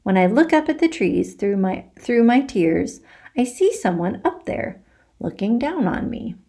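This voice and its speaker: A woman teacher reading a children's book aloud for virtual story time, slow and expressive. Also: fairly high pitch, vocal fry.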